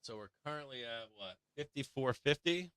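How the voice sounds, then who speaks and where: A man's voice: mid-range voice, animated, normal speed, fairly bright tone, clean tone, dry recording. A man hosting a stock market live stream, talking through charts live with blunt, swearing remarks and many restarts, a bit worn in the voice as he loses it. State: losing his voice.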